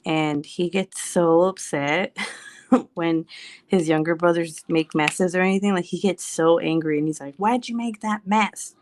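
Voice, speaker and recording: A woman's voice: lowish voice, fairly even intonation, unhurried, darkish tone. A woman chatting casually on a home livestream, rambling and laughing often. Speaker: livestream host.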